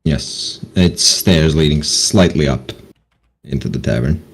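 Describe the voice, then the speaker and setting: A man narrating as game master for a tabletop game, casual and halting, with many fillers. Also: a bass voice, slightly rough, low-quality recording.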